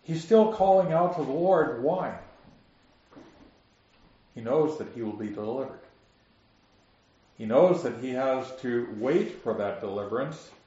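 A man's voice: mid-range voice, expressive, unhurried, pauses often, mellow. Man teaching scripture in an echoey room. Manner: reads scripture aloud and explains it, asks the audience questions. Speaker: Bible teacher. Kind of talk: Bible study teaching. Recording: very echoey muffled room recording.

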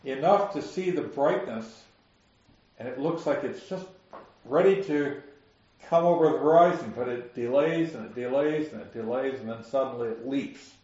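A man's voice: medium pitch, moderate pace, a little mellow. A man teaching a Bible study, reading scripture aloud, explaining it and asking his listeners questions. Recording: very echoey muffled room recording.

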